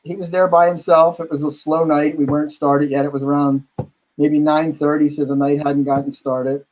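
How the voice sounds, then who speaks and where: A man with a slightly higher voice spins lively nightlife anecdotes in a relaxed conversation. He keeps the chat casual and acts out the lines of the people in his stories as he goes. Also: moderate pace, rough recording. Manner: animated anecdote-telling, acting out quotes. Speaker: bar owner and guest host.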